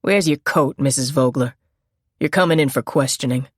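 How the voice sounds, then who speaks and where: A woman's voice: a bass voice, moderate pace, no echo, studio quality. A woman narrator voicing a male detective who speaks in a clipped, scornful way. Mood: curt.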